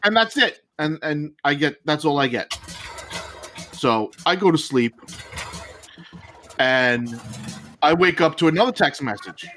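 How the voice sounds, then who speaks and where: Animated, profane storytelling man. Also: on the high side, a little slow, long pauses, noisy background. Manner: animated, profane, laughs while telling. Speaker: podcast co-host. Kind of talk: casual storytelling.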